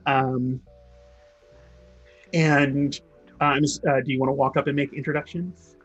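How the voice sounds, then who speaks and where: A man running a tabletop game as game master. He describes scenes loosely, full of fillers and restarts. His voice is slightly husky. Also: medium pitch, level tone, a little slow, lo-fi sound, soft background music.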